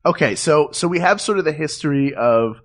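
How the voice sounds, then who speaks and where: A man's voice: fairly high pitch, expressive, a little fast. A man co-hosting a casual podcast, playful and rambling, chuckling through his jokes. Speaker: podcast co-host. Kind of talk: casual chat.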